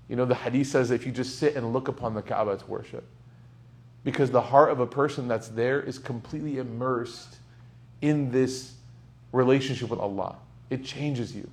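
A young man giving a casual, humorous sermon, telling stories with sudden loud bursts. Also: medium pitch, moderate pace. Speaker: Islamic speaker.

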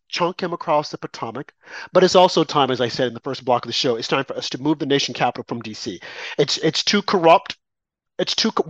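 A man co-hosting a political talk show, speaking with impassioned emphasis and lively swings in volume. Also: on the high side, no echo, lo-fi sound. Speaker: co-host.

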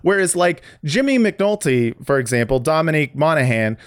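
Male co-host, higher-pitched, animated and opinionated, dry booth sound. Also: dry recording. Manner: animated, opinionated, halting restarts. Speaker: podcast co-host. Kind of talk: casual chat.

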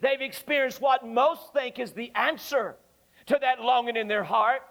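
A man's voice: very high-pitched, moderate pace, fairly bright tone. A male Baptist preacher giving a Sunday morning sermon in a church, with a repetitive, rhythmic preaching cadence. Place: church sanctuary. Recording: dull lo-fi archive church tape.

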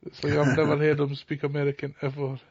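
A man's voice: on the high side, monotone, quick pace, darkish tone, husky, dry recording, highs cut off. A man chatting casually on a podcast, blunt and joking, swearing constantly. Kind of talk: casual chat.

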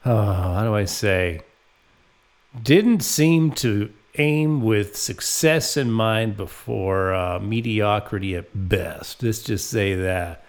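A man with a fairly low, gravelly voice delivers a crude comic monologue. He rambles through his stories, swearing freely and acting out the people in them. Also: animated, slow pace. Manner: profane, rambling storytelling with acted quotes. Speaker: comedic podcast host.

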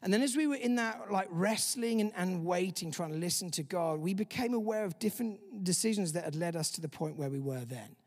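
A man preaches with a high, light voice, acting out imagined inner voices as he teaches. The sound carries a long reverb from a large hall. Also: a little fast, few pauses, darkish tone. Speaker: pastor. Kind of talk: sermon.

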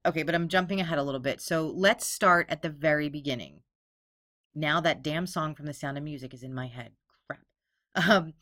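A woman with a low voice narrates a true-crime case in a casual podcast style. She is blunt and sarcastic and swears freely. The recording is dry and close. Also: a bit bright, no room sound. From Philadelphia. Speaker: podcast host.

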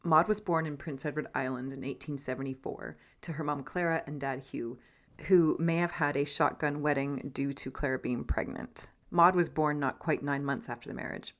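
A woman co-hosts a podcast, telling the story in an earnest, scripted style. Her voice sits low for a woman. She narrates steadily and with feeling. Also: fairly even intonation, moderate pace. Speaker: podcast co-host.

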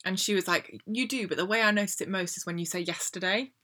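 A woman's voice: mid-range voice, quick pace, bright, forceful tone. A woman in her twenties with an East Midlands English accent, co-hosting a casual chat podcast. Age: 20s. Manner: chatty, questioning, laughs easily. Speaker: podcast co-host.

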